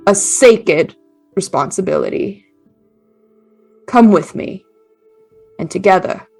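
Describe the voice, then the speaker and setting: A man's voice: creaky, exaggerated voice. A woman voicing a solemn, guttural male spirit in a tabletop game. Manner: low, slow, solemn.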